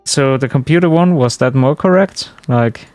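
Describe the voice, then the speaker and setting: A man's voice: medium pitch, moderate pace, a little mellow, no room sound, faint music behind. A man chatting casually to his stream viewers while playing, musing aloud as he goes. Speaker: game streamer. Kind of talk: casual live-stream commentary.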